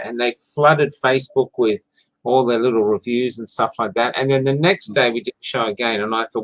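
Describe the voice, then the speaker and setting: A man's voice: mid-range voice, brisk, poor audio. Male playwright, casual storyteller, enthusiastic, mid voice. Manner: enthusiastic storyteller, rambling with restarts. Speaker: playwright and theatre maker. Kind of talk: casual chat.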